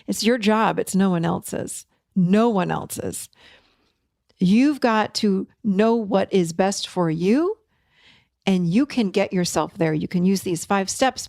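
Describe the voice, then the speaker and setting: Middle-aged woman, self-help host, emphatic and repetitive, mid pitch, dry close recording. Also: vocal fry, dry recording. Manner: warm, emphatic, repeats key words. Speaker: podcast host and therapist. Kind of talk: encouraging self-help talk to listeners.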